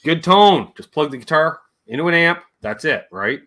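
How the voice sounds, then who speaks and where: Lively, bright-voiced man telling stories. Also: on the high side, moderate pace. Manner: rambling, jokey, imitates relatives' voices. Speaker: guest. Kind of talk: casual storytelling on a livestream.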